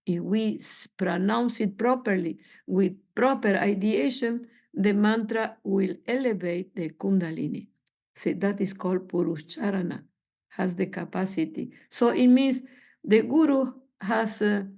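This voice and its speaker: A woman giving a meditation lesson, halting and searching for words with many fillers. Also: mid-range voice, darkish tone. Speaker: spiritual teacher. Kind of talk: meditation teaching talk. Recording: dull lo-fi recording.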